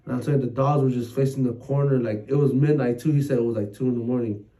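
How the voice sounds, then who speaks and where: A man's voice: medium pitch, steady tone, fast talker, mellow, recorded from a distance, poor audio. A man co-hosting a podcast, telling a scary story in rambling casual chat full of slang and swearing. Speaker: podcast co-host.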